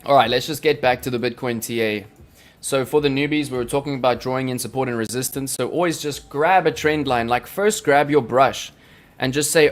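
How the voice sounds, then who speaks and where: A man's voice: mid-range voice, a little fast. A man hosting a casual live stream, teaching chart reading in a playful, jokey, chatty way with lots of fillers. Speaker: crypto trading livestream host. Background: faint background music.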